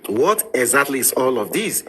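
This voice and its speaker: A Nigerian man with a Yoruba accent speaks in a mid-pitched voice, sincere and pleading as he defends a friend. His tone is bright and edgy. A faint hiss runs underneath. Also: sing-song, normal speed. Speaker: participant in a live audio chat. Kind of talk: earnest casual talk.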